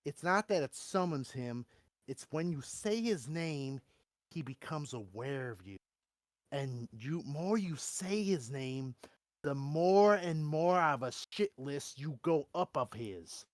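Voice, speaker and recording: A man's voice: fairly high pitch, animated, slow, no echo, studio quality. A man voicing an angry male cleric who is grim and fed up, speaking fiercely in a tabletop game. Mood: grim warning. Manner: fierce, bitter.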